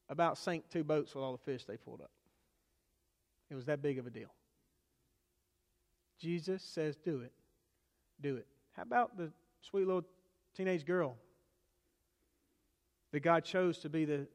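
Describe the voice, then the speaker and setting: A man with a high voice preaches a sermon in a church sanctuary. He moves from loud, stressed lines to hushed near-whispers and back. The sound rings with a long hall reverb. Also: unhurried, pauses often. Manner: preaching with dramatic swings from loud to hushed, acting out quoted voices. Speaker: pastor.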